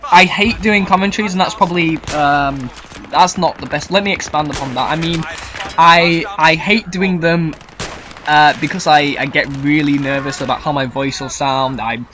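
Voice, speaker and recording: Nervous young Yorkshire man, bright voice. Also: a little high, moderate pace. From Yorkshire, England. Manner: nervous, rambling, swearing, gushing with enthusiasm. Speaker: gaming YouTuber. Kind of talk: casual Q&A commentary.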